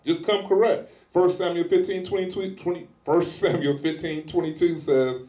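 A man preaching a sermon in a casual, animated style, acting out little scenes as he goes. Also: a little high, normal speed, reverberant. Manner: animated, acts out scenes in lively voices; speaks in informal colloquial style. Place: church hall.

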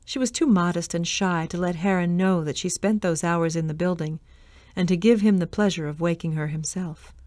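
A woman's voice: on the low side, no echo. Woman reading a ghost story, dry and close. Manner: measured, expressive reading. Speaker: reader. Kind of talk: storybook narration.

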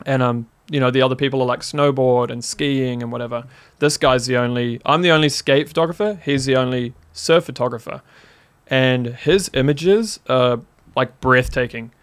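Speaking at a moderate pace in a smooth, medium-pitched voice, a New Zealand man with a Kiwi accent tells a story as a podcast guest. He's animated and relaxed, laughs a lot and leans heavily on "like."

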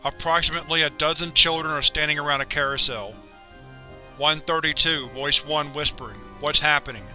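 Male narrator, scripted horror reading; clinical, measured, slightly high and very bright. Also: fairly even intonation, soft background music.

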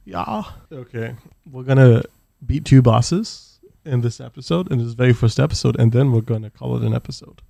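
A man's voice: medium pitch, moderate pace, vocal fry, dark tone, dry recording. A young man co-hosting a gameplay video, chatting casually and throwing in dry, crude one-liners. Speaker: let's play co-host. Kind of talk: casual gaming chat.

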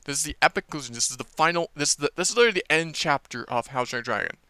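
A man's voice: a little high, expressive, rapid-fire, pushed and bright, clean tone, dry recording. A man casually reviewing a movie trailer, rambling with lots of fillers and restarts.

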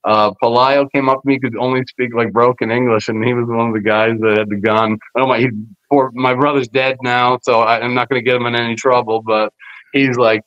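Speaking briskly in a clear, resonant, medium-pitched voice, this man is a former wrestler appearing as a podcast guest. In a casual interview he spins backstage tales, animatedly performing quoted voices and swearing a lot. There's no room sound, and the podcast audio is dull and lo-fi.

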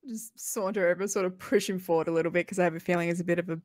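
A woman's voice: on the low side, fairly even intonation, racing, a little mellow, no room sound. A woman player narrating her character's actions in a tabletop game, casual and giggly. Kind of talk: tabletop role-play.

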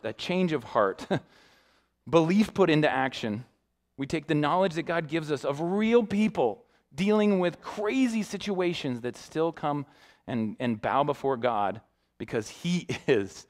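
A young male youth pastor preaching in a church, spinning a personal story with lively animation. His voice sits a little higher than most men's, and he slips into the voices of the people in his story as he goes. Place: church sanctuary.

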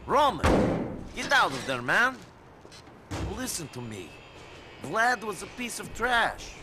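A man's voice: high-pitched, very animated, takes it slowly, over music, heavily acted. An actor playing a tough, sarcastic immigrant man in a video game cutscene. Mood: impatient. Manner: sarcastic, dry under threat.

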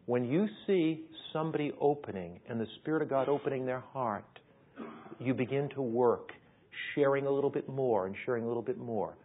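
Pastor guy preaching, chatty and earnest, kinda husky, tinny phone-like sound. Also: mid-range voice, brisk. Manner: earnest, conversational preaching, asks the audience questions. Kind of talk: sermon.

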